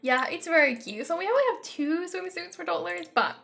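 A young woman reviewing a video game in excitable, gushing commentary, often gasping with delight. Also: very high voice, fairly quick, vocal fry. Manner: gushing and excitable, frequent gasps. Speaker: gaming YouTuber.

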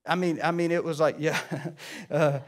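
A middle-aged pastor delivers a sermon in a fairly high voice. He preaches emphatically, his voice climbing and swelling on the key phrases. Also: little pitch movement, moderate pace.

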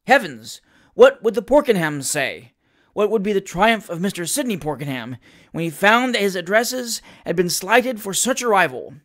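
Expressive audiobook reader of a classic novel. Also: mid-range voice. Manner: expressive, theatrical reading. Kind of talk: scripted narration of a classic novel.

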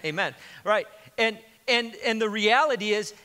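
A man's voice: sits high, normal speed, pushed and bright, smooth. A male pastor preaching a sermon in a conversational, joking way as he retells scripture. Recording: reverberant hall.

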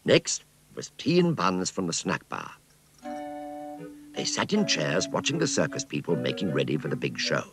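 A man narrating a children's story in an expressive, scripted storytelling manner. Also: extremely low pitch, moderate pace, music in the background.

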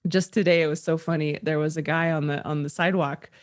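A woman, a guest author, talking candidly in a podcast conversation with earnest, animated storytelling. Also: sits low, fast.

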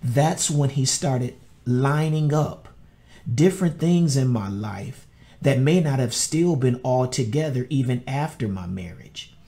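Slow, mellow-voiced pastor preaching. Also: male voice, mid-range voice, lively intonation. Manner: slow, earnest storytelling with repetitions. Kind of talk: sermon.

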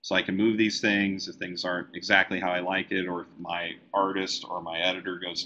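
Deep-voiced man teaching software. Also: quick pace, few pauses, highs cut off. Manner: relaxed, talks while working on screen. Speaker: comic book letterer and design educator. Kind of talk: live software tutorial webinar.

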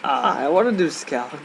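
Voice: mid-range voice, vocal fry, low-quality recording. A gaming host giving casual, playful commentary over a match, swearing and laughing now and then. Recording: loud game noise behind.

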